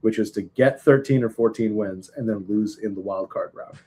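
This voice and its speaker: A man co-hosting a casual sports podcast, relaxed and quick to laugh. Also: fairly low pitch, slightly rough. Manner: laughs often, easygoing. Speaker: podcast co-host.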